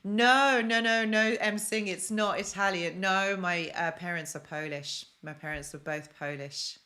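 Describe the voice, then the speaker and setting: A woman's voice: medium pitch, a little slow, sharp tone. London-born woman hosting a live stream. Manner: chatty, repeats phrases for emphasis, reads out viewer comments. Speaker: host of a self-help live stream. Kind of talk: casual live-stream coaching talk.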